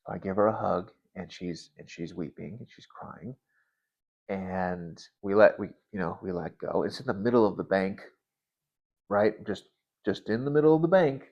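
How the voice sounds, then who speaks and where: A man in his thirties sharing a personal faith story in an earnest, halting way, often restarting his words. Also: deep voice, creaky, a little mellow, highs cut off. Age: 30s. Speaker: Christian vlogger.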